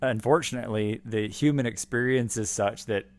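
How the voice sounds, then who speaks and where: A man's voice: mid-range voice, normal speed. Candid, wry male finance co-host. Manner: candid, wry, with frequent restarts. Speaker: podcast co-host, financial advisor. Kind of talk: casual finance chat. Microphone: new podcast microphone.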